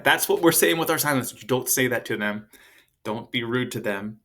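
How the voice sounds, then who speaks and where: A man in his thirties giving casual parenting advice to camera. He talks loosely with fillers and jumps into a higher voice to act out short lines of parents and kids. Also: moderate pace, fairly bright tone. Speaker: parenting coach.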